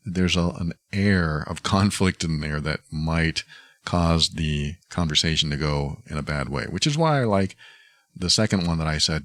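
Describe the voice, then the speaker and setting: A man hosting a podcast, giving calm, thoughtful relationship advice and acting out short example phrases. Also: low-pitched, moderate pace, no room sound, studio quality. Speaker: podcast host. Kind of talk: reflective advice talk.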